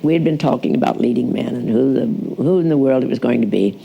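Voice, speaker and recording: A man's voice: medium pitch, fast talker, creaky, highs cut off, a little hiss or hum. A man interviewed for a documentary, chatty, telling stories with fillers and restarts. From Texas, USA. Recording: music playing under the voice.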